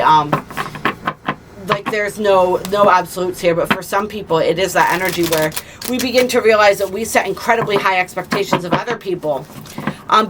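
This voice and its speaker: A woman hosting a spiritual card reading, talking casually and gently, laughing easily and slowing down to stress key points. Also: medium pitch, noisy background. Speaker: spiritual reader and channel host.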